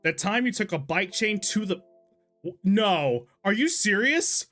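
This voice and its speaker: A young man with a high voice whose pitch swings widely as he chats during a live game stream. He laughs often and breaks into startled exclamations, loose and conversational. Faint music plays behind him. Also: animated, unhurried, fairly bright tone. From Texas, USA. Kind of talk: casual live-stream commentary while gaming and reading chat.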